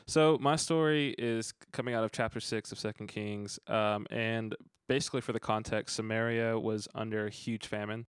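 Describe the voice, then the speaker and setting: A man's voice: on the low side, steady tone, moderate pace, few pauses, clean tone, dry recording, studio quality. A man co-hosting a casual podcast, reading a Bible passage aloud and reflecting on it earnestly, with frequent fillers. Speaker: podcast co-host.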